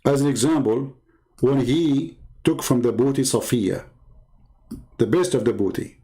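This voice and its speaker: Combative man with a dark, mellow voice. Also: medium pitch, unhurried, low-quality recording. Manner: combative, fires rhetorical questions; reads aloud and translates source texts. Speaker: live-stream religious debater. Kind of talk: heated live-stream argument.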